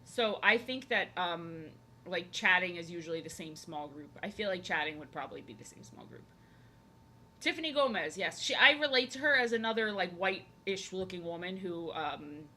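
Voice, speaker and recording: Bright-voiced rambling woman streamer. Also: medium pitch, slight background noise. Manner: rambling, filler-heavy, talks to chat. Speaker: art streamer. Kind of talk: casual chat while drawing on a live stream.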